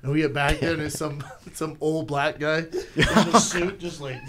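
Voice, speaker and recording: A man in his thirties co-hosting a comedy podcast, telling stories loudly with laughs and swearing. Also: fairly high pitch, steady tone, normal speed, background noise. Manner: loud, laughing storyteller with swearing. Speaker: podcast co-host. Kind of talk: casual comedic chat.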